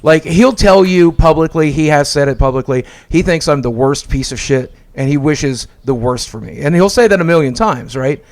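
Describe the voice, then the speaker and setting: A man's voice: fairly high pitch, expressive, moderate pace, hardly any pauses. A man talking in casual podcast chat, earnest and rambling, often stopping short and restarting. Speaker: podcast guest.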